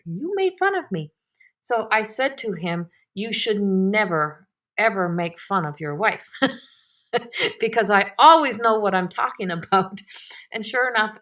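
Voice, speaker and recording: An older woman telling a story to a live Q&A audience, laughing as she goes and acting out every voice in it. Her voice is bright and forward, and she swears freely along the way. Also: mid-range voice. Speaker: host.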